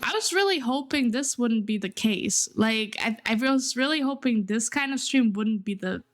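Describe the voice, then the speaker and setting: Teary young woman streamer, high voice. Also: lively intonation, normal speed. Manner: emotional, teary, swearing. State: near tears. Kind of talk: casual chat.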